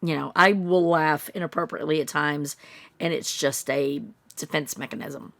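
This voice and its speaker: A woman in her thirties giving casual true-crime commentary, skeptical and musing, breaking into high mocking voices when she quotes people. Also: fairly even intonation, normal speed, vocal fry, fairly bright tone, no room sound.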